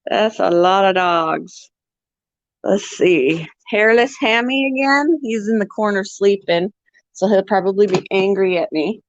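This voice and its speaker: Slow, easygoing woman touring her pets. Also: mid-range voice, no room sound. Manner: chatty, laughs often, slow and easygoing. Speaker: pet channel host. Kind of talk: casual pet tour vlog. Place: indoors at home among animal cages. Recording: dull lo-fi, dry sound.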